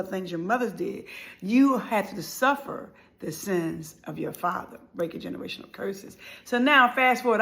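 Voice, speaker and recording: A middle-aged woman, a motivational speaker, telling a personal story in an animated, emphatic way and returning to a repeated refrain. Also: mid-range voice, vocal fry.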